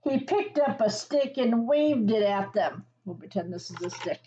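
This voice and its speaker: A woman reading a picture book aloud to children, pausing to ask them questions and explain words. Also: fairly high pitch, animated, lo-fi sound. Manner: gentle teacherly asides and questions to the listener. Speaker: children's story reader.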